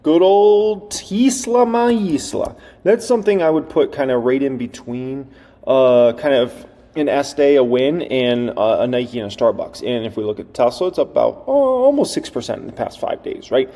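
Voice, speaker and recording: A man's voice: medium pitch, expressive, moderate pace, dark tone, in a large hall. A man talking casually about stocks, often asking rhetorical questions and answering them himself. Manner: chatty, asks rhetorical questions. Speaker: investing YouTuber. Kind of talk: casual market commentary.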